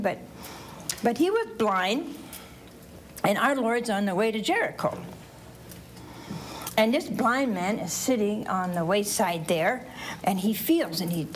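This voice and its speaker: A woman preaching to children and families, animated and quizzing her listeners, and dropping to a whisper for asides. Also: mid-range voice, a little hiss or hum. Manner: animated, quizzing the audience with questions.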